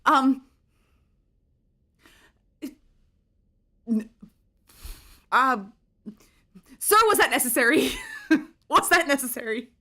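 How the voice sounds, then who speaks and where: Lively, excitable woman streamer. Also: high voice, slow pace, long pauses. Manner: expressive, laughing, swearing, dramatic. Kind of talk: excited game play-through commentary.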